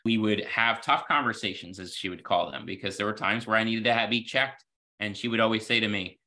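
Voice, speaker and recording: A man with a fairly low, bright and forceful voice speaks as an interview guest. He tells stories from his working life in an earnest, reflective way, scattering "you know" through his sentences. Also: brisk. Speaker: podcast guest, healthcare executive.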